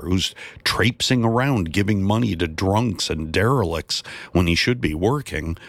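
A man reading a Bible story aloud, raising his voice to play an anxious, exasperated wife who complains quickly and fretfully. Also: low voice, no echo. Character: anxious, exasperated wife of a wealthy tax collector.

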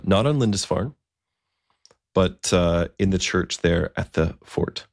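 Deep gravelly guy retelling an old story, laid back with little asides, dry close sound. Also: slow, dry recording. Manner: relaxed, with fillers and asides. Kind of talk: conversational storytelling.

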